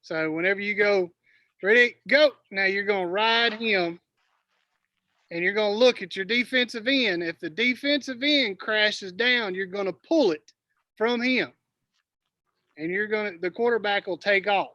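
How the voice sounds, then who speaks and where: A man's voice: high-pitched, normal speed, bright, forceful tone, no echo, lo-fi sound. A man coaching quarterbacks in a virtual session, explaining plays and correcting himself. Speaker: football coach.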